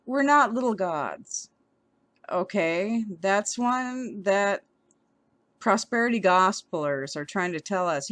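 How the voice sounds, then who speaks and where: A woman's voice: mid-range voice, lively intonation, slow, fairly bright tone, no echo. A woman vlogger giving heated commentary as she reads an article aloud, often stumbling over her words.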